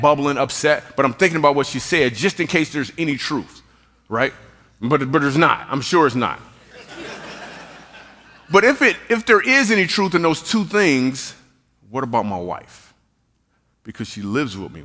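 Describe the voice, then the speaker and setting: Middle-aged guy preaching, funny storytelling sermon, bright tense voice, long echo of a church hall. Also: mid-range voice, moderate pace. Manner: animated, jokey, acts out quotes.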